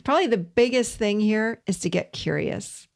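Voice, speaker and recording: A middle-aged woman therapist hosts her own podcast, talking listeners through emotional exercises in a gentle, coaching way. Her voice has a noticeable gravelly fry at a medium pitch. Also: lively intonation, moderate pace. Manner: gentle, coaching, speaks imagined dialogue softly. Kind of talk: solo podcast teaching.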